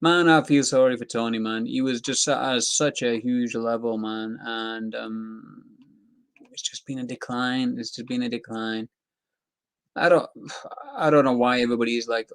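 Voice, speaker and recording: A man's voice: medium pitch, steady tone, a little slow, a bit bright, smooth, no echo. Chatty young man reacting to fight news. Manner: rambling, chatty, frequent fillers and slang. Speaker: MMA news commentator. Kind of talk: casual commentary reacting to news.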